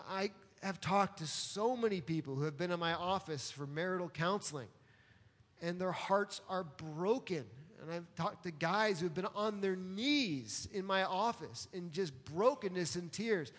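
A man's voice: high-pitched, normal speed, a bit bright. A man preaching a sermon as pastor, earnest and emphatic, calling on the congregation to answer back. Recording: long hall reverb.

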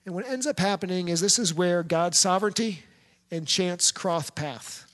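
A man preaches, retelling an old story with lively animation. His voice sits high for a man. It rings out with the long reverb of a large hall. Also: moderate pace. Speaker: pastor. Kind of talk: sermon.

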